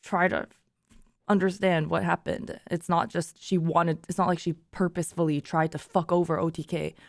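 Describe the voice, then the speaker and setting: A woman's voice: lowish voice, level tone, normal speed, creaky, no room sound, clean studio sound. Tearful young woman streamer rambling. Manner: emotional, tearful and laughing, rambling with restarts. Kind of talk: casual chat to stream viewers. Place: treated room with acoustic panels.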